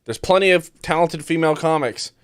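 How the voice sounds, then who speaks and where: A man's voice: fairly high pitch, a little fast, clear, resonant tone, dry recording, clean studio sound. A man hosting a podcast who reacts to news clips bluntly and sarcastically, swearing often. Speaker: podcast host. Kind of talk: casual commentary on news clips.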